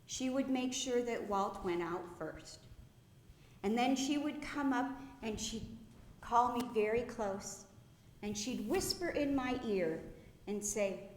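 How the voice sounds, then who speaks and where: A woman pastor giving a funeral eulogy in a church, telling stories with gentle laughs. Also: fairly high pitch, slow, a little hiss or hum. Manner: warm storytelling with gentle laughs. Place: church sanctuary. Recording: echoey church room.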